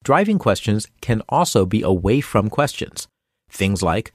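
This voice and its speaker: A man's voice: on the low side, big pitch swings, unhurried, no room sound. A middle-aged man reading a self-help lesson in a scripted way, with dry, wry humor and playful asides.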